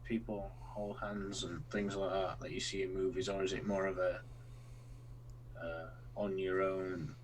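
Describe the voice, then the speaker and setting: A man's voice: low voice, flat delivery, a little slow, a little hiss or hum, poor audio. A man co-hosting a podcast, asking curious questions in a casual chat.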